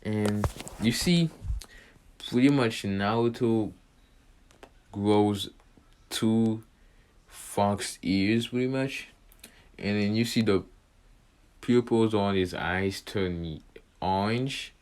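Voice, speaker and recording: A man's voice: on the low side, extremely slow, pauses often, a little mellow, smooth. A young man casually retelling a fan story, rambling with lots of fillers and correcting himself as he goes.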